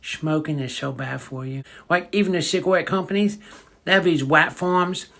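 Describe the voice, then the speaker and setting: A young man telling a crude comedic prank story in a rambling, deadpan way. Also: on the high side, normal speed, gravelly.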